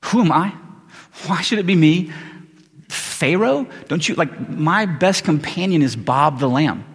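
A man's voice: a little high, lively intonation, unhurried, breathy edge, exaggerated voice. A man playing a weary old shepherd who doubts himself and complains in casual modern slang, with long hall reverb. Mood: incredulous.

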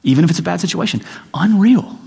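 A man preaching a sermon as pastor, telling stories with animated acted-out voices. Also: high voice, fast, creaky. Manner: animated storytelling, acts out quoted voices. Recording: reverberant hall recording.

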